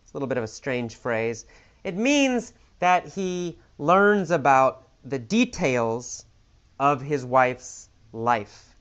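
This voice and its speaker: A man teaching English vocabulary, explaining words slowly and patiently with many examples and restatements. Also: mid-range voice, big pitch swings, fairly bright tone, smooth. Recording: slightly dull lo-fi audio.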